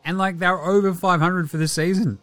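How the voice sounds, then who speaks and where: An Australian man hosting a basketball talk show, chatting casually with profane jokes and quick asides. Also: sits high, fairly even intonation, a bit bright, no echo, faint music behind. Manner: profane, joking, rapid asides. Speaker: basketball podcast host. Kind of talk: casual sports chat.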